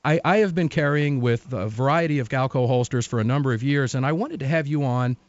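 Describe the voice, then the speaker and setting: A man's voice: medium pitch, fairly quick, no room sound. Emphatic male radio talk host, muffled sound. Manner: emphatic, conversational, repeats phrases for stress. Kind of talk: radio talk show hosting.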